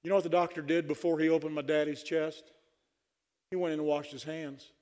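A man's voice: fairly high pitch, level tone, brisk, darkish tone. A man preaching a sermon at a conference, fervent and dry-humored. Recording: long hall reverb.

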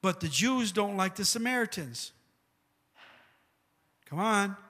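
A man preaching a sermon with animated asides like "come on" and "amen," retelling scripture stories in a casual voice. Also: sits high. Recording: long hall reverb.

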